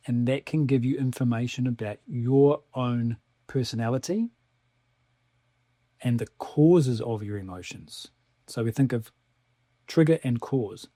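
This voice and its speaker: Calm reflective man with a mellow voice. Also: mid-range voice, no echo, studio quality. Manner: calm, reflective, asks himself questions. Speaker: spiritual teacher. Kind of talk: lecture on spiritual psychology.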